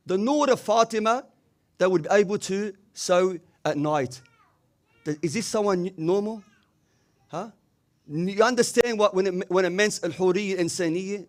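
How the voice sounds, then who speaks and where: A man preaching a sermon, telling a religious story with emphatic asides and Arabic phrases mixed into English. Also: sits high. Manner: emphatic storytelling with frequent rhetorical "huh?" asides. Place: community religious hall.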